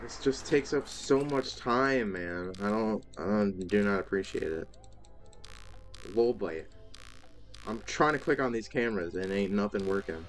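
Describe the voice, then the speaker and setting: A man's voice: lowish voice, expressive, measured pace, slight background noise. A man giving let's play commentary, talking to the game's characters and breaking into startled exclamations. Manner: talks to game characters, frequent startled exclamations. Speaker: gaming video host.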